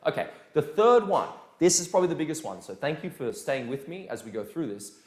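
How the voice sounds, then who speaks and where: A man teaching a dance lesson in a casual, energetic way, counting beats aloud. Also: on the high side, fairly quick. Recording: echoey room with music behind.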